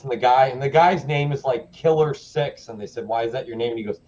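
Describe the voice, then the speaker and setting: A man co-hosting a live stream chat, telling stories in an animated way and laughing often. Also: mid-range voice, fast talker, few pauses. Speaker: co-host. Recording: slightly dull sound, faint noise.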